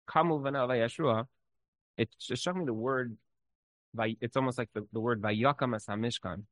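A man's voice: medium pitch, no echo, low-quality recording. A man teaching an informal Torah class, talking loosely with many fillers and telling stories with energy. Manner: conversational, many "like" fillers, lively storytelling.

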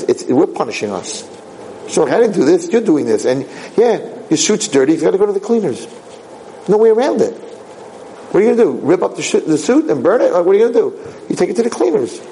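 Casual rabbi-lecturer, lively ups and downs, faint room hum. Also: male voice, on the high side, rough recording. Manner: animated storyteller, quick asides. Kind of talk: casual Torah talk.

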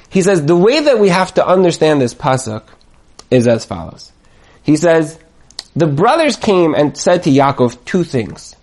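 A man teaching a Torah class, telling stories and acting out the people in them. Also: normal speed. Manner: animated storyteller, jumps high to act out quoted voices. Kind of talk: lively Torah class with acted-out scenarios.

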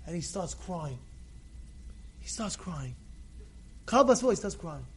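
A rabbi giving a story-filled Torah talk to listeners in a room, a lively storyteller who repeats words and acts out what people said. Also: male voice, high-pitched, slow, a little hiss or hum.

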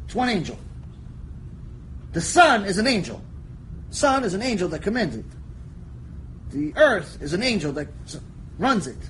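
A man teaching a Torah lecture, animated storytelling that jumps between quiet asides and shouted lines, joking with his listeners. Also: high-pitched, moderate pace, long pauses, a little hiss or hum, poor audio. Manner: animated storytelling, acts out voices, jokes, shouts for emphasis. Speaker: rabbi teaching a lecture series.

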